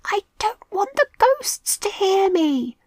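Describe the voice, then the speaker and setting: A woman's voice: very high voice, normal speed, no echo, voice pushed up. A woman voicing a timid, easily frightened young boy mouse who trembles, pleads and whispers in a storybook. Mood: whispering.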